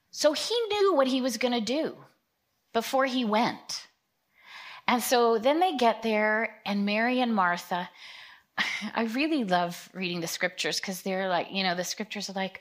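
A woman in her fifties giving a casual, conversational sermon, acting out scripture scenes in quick quoted voices. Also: mid-range voice, lively intonation, fairly bright tone. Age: 50s. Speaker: preacher.

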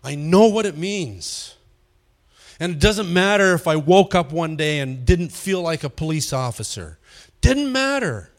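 Guy preaching to a small group, kinda high-ish voice, laid back, chuckles a lot. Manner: informal, asks the room questions, chuckles often. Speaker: pastor leading a Bible study. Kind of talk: conversational teaching sermon.

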